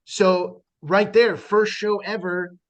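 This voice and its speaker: A man's voice: sits high, little pitch movement, takes it slowly. A man, a stand-up comedian, talking earnestly in a casual conversation, with frequent restarts and fillers.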